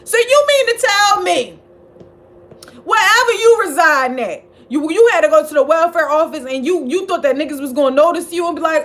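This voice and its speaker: Sassy high-voiced woman host. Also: fairly quick. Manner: sassy, blunt and swearing, scolding the people she talks about; animated, jumps between mocking outbursts and quiet asides. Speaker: commentary channel host. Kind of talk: casual profane gossip commentary.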